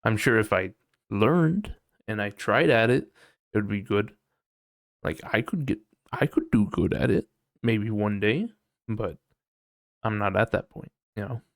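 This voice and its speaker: A man's voice: on the low side, animated, a little slow, vocal fry, long pauses, no echo, clean studio sound. A young man hosting a casual solo podcast, rambling and self-mocking as he talks to his chat, sometimes slipping into goofy mock voices. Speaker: podcast host.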